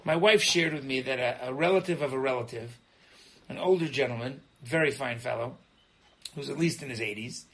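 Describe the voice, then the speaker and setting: A middle-aged man teaching an informal Torah lesson as a rabbi. He is animated, repeats words as he starts sentences and keeps asking "right?". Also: medium pitch, brisk, poor audio. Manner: animated, frequently asks "right?".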